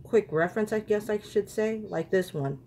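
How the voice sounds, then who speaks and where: A woman's voice: medium pitch, moderate pace, darkish tone, a little hiss or hum. A woman chatting to her viewers while doing a makeup tutorial, ranting casually about lashes and palettes. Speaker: beauty vlogger.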